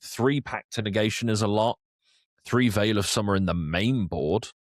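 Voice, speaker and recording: A man's voice: on the low side, moderate pace, dry recording, studio quality. A man co-hosting a casual podcast, talking in an opinionated, conversational way. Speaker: podcast co-host.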